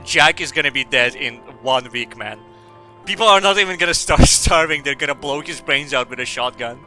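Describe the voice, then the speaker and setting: A man's voice: medium pitch, lively intonation, moderate pace, long pauses, pushed and bright, faint music behind. A man streaming a video game, rambling and joking with frequent laughter and swearing. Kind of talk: casual gaming stream commentary.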